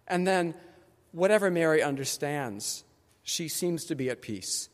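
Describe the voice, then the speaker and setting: A pastor, male, gives a sermon in a church sanctuary, his lively, high-pitched voice swinging widely. He talks in a casual, conversational way, quickly voicing the people in his tale, and the church's long reverb trails after each line.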